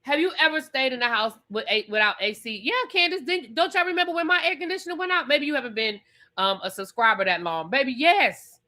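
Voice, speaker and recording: Brief: woman TV reviewer, casual recap, emphatic and repetitive, swears, fairly high, bright voice. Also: animated, brisk. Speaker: TV review vlogger.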